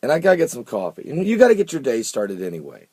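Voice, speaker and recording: Brief: man, casual vlogger, a little tired, husky, dry close sound. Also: mid-range voice, wildly swooping pitch, fast, a little mellow, no room sound. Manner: chatty, exclaims in disbelief, repeats himself. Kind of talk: casual video blog commentary.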